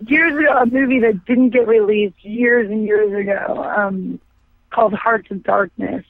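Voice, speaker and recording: A woman in her thirties, a guest actress, telling stories in a quick, chatty way full of fillers. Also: medium pitch, steady tone, no room sound. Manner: chatty, fast, filler-heavy storytelling with frequent likes. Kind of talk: casual interview chat. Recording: dry tinny phone line.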